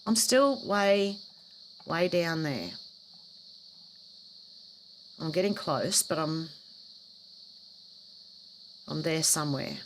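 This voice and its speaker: A woman's voice: deep voice, expressive, drawn-out words, pauses often, poor audio. A woman hosting a casual live stream, reading out comments and cutting in with blunt, scornful remarks. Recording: clear background noise with crickets.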